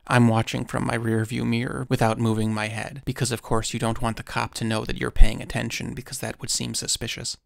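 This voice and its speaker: A man narrating a first-person encounter story in a measured storytelling manner with dry asides. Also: medium pitch, level tone, creaky, no echo.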